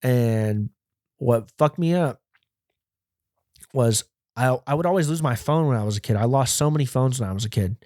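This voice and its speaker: Brief: young male podcast host, profane and animated storyteller, dry close sound. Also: medium pitch, moderate pace, no echo. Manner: profane, animated, acts out quoted voices. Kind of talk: casual storytelling monologue.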